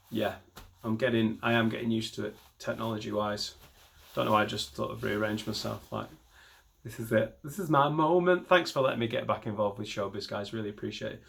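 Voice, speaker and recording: A man's voice: mid-range voice, normal speed, vocal fry, a bit bright. A man doing a rambling, self-deprecating and sweary stand-up set from his home garage into a laptop mic. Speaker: stand-up comedian.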